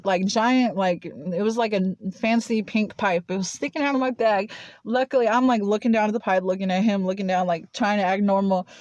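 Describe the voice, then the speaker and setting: A woman's voice: mid-range voice, a little mellow, no echo. A woman telling a personal story in a casual, rambling way, full of "like" and restarts. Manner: rambling, heavy use of "like" and restarts. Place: Nashville.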